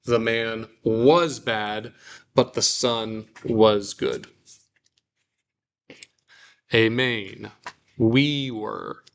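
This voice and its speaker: A man teaching a relaxed Bible Greek class, reading example sentences aloud and explaining them slowly with casual fillers. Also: fairly low pitch, gravelly, a little hiss or hum.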